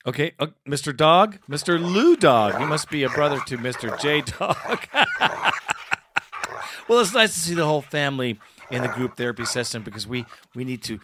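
A man's voice: on the high side, normal speed, no echo, studio quality. A man hosting a fan podcast, swearing and laughing as he runs a mock group therapy session. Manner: profane, laughing, animated. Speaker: podcast host.

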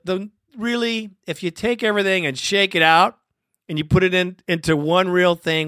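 A man's voice: a little high, bright, forceful tone, dry recording, clean studio sound. A man hosting a sports fan podcast, talking in an emotional, rambling way and laughing often. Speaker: podcast host. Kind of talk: casual fan podcast commentary.

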